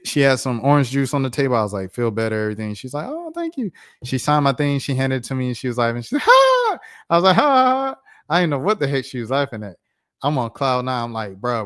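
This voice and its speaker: A man in his thirties tells a story on his home stream in a relaxed, slang-filled way. His voice sits in an ordinary middle pitch, and he keeps the telling lively with quick laughing asides. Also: clean tone. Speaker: streamer host. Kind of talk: casual storytime.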